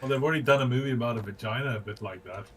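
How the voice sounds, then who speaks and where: A man's voice: mid-range voice, very fast, breathy edge. A man with a South African accent, chatting in a matter-of-fact, reflective way with friends. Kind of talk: casual gaming chat.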